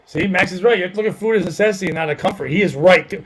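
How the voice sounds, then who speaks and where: Male comedy host, casual rambling anecdote, light raised pitch. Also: very fast, slight background noise, low-quality recording. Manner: rambling, filler-heavy, self-deprecating. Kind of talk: casual storytelling chat.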